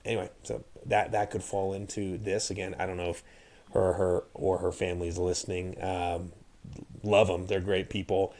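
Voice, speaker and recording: A man's voice: deep voice, level tone, normal speed, darkish tone. A middle-aged man hosting a podcast, chatting casually and telling a rambling story with many restarts. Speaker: podcast host. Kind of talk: casual chat.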